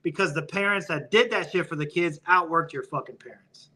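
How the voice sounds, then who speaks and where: A man's voice: fairly high pitch, a little fast, pushed and bright, poor audio. A man hosting a podcast, ranting heatedly and profanely in casual conversation. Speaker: podcast host.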